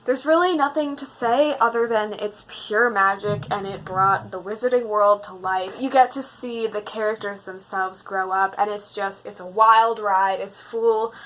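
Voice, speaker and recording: A young woman in a casual, rambling movie-ranking chat, gushing and animated with lots of fillers. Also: medium pitch, unhurried, hardly any pauses, slight background noise, low-quality recording. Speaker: book video host.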